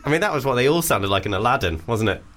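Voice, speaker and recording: A man's voice: medium pitch, expressive, very fast, fairly bright tone, slight background noise. A man hosting a radio show, joking and bantering with his co-host. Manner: playful, laughing, joking.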